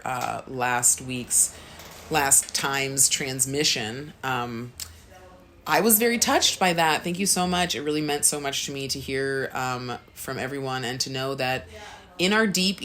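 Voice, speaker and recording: Low-voiced woman telling a spiritual story. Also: a bit bright. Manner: earnest storytelling, acts out her own thoughts in a higher voice. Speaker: podcast co-host. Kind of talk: casual spiritual chat.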